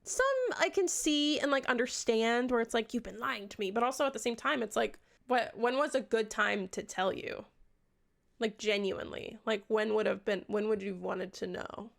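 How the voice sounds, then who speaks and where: A woman's voice: a little high, steady tone, moderate pace, vocal fry. A young woman recapping a book in casual chat, sarcastic and swearing often, playing out the characters' lines herself. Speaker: book reviewer.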